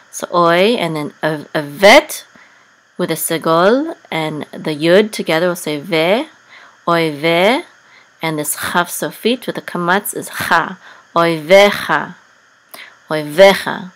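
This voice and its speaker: Lady teaching hebrew letters real slow, lowish voice, lots of ums. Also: fairly bright tone, low-quality recording. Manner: patient, step-by-step, many ums, breaks into sung trope. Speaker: Hebrew and Torah chanting teacher. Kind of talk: slow explanatory lesson with chanted examples.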